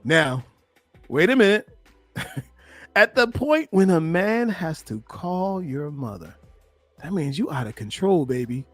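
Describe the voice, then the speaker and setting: A man working as a relationship coach, giving animated, emphatic commentary on a played clip and speaking straight to his listeners. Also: a little high, slow pace, pauses often, no room sound, faint music behind.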